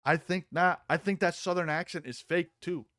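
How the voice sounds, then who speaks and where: A man hosting a casual live-stream commentary, excitable and mocking, swearing freely. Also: a little high, normal speed, no room sound, clean studio sound.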